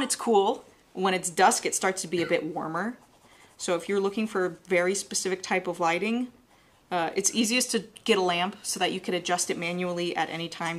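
A woman with a fairly low voice leads a live drawing demonstration. She talks in a relaxed, chatty way while she works, walking viewers through each step. Her tone stays that of an instructor. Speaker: art instructor.

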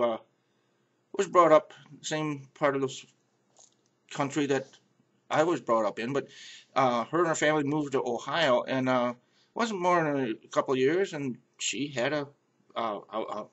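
A middle-aged man from the American Midwest with a Midwestern accent, talking to camera in a halting, friendly vlog full of fillers. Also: mid-range voice, a bit bright. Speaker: vlogger. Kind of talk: casual rambling vlog monologue.

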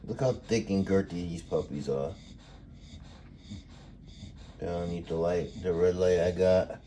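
A man's voice: deep voice, steady tone, a little slow, dark tone, a little hiss or hum. A man casually vlogging about his dog kennel, rambling and laid-back, talking to viewers with lots of y'all and man. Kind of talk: casual vlog. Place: indoors at home kennel.

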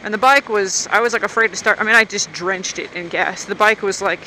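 A woman's voice: mid-range voice, brisk, pushed and bright, a little hiss or hum, rough recording. A woman motovlogger chatting and grumbling in a rambling, unscripted way outdoors at a gas station.

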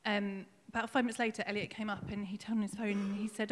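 A woman's voice: medium pitch, level tone, fast, big-room sound, a little hiss or hum. A woman nervously and emotionally telling her personal faith story at a church service, with many ums. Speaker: congregation member giving a baptism testimony. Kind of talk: spoken personal testimony in church. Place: church hall.

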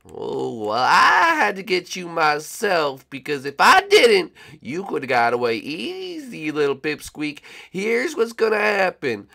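A man's voice: fairly high pitch, wildly swooping pitch, measured pace, vocal fry, hardly any pauses, sharp tone, full character voice. A man voicing a scheming, cackling villain clown in a Minecraft roleplay. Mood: taunting. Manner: gloating, cackling, taunting.

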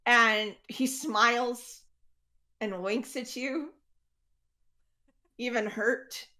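A woman's voice: fairly high pitch, very slow, pushed and bright. A woman narrating as game master of a tabletop game, chatty and laughing often.

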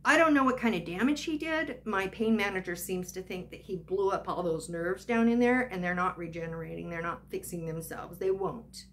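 A woman's voice: fairly low pitch, moderate pace, hardly any pauses, slight background noise. An older woman vlogging, telling a personal story in a chatty, rambling way full of asides.

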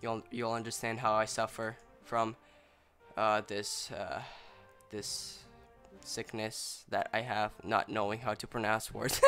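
A young man commentating his own gameplay, rambling and apologizing, then yelling in excitement, a little sick and clearing his throat. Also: fairly low pitch. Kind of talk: casual let's-play commentary.

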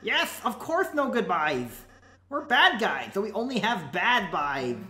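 A woman's voice: medium pitch, big pitch swings, measured pace, sharp tone. A woman voicing a cheeky, mischievous little boy monster prince who talks in a playful, goofy way, recorded in an echoey room.

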